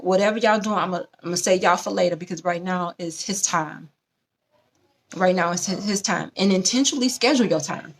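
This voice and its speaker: A woman hosting a relationship advice show, speaking in a lively, preachy way, often acting out other people's lines. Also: medium pitch, a little hiss or hum. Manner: animated, preachy, acts out quoted voices. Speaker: host. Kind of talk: casual advice talk show.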